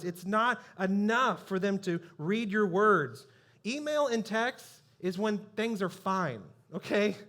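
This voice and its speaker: A man's voice: high voice, fairly bright tone. A man preaching a sermon as pastor, telling a personal story in a conversational, self-deprecating way.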